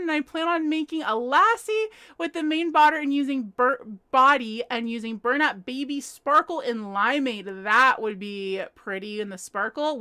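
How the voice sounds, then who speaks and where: Picture a young woman at home, chatting on a crafting livestream as she reads out viewer comments. She sits high in her voice, and her tone is bright and clear. She giggles often between her thoughts. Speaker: crochet livestream host. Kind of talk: casual livestream chat reading comments.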